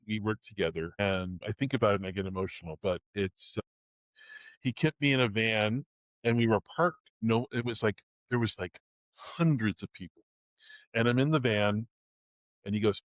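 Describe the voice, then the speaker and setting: A middle-aged man from the Bay Area who plays Santa, telling stories in a casual fireside chat, halting and emotional, with many restarts. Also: fairly low pitch, no echo. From Bay Area, California. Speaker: Santa performer, host.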